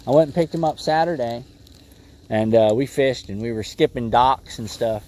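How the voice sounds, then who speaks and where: A man's voice: mid-range voice, normal speed, a little mellow. A man hosting a casual fishing livestream from a boat, laid-back and calling viewers "bro" and "bud.". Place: outdoors on a boat on a lake.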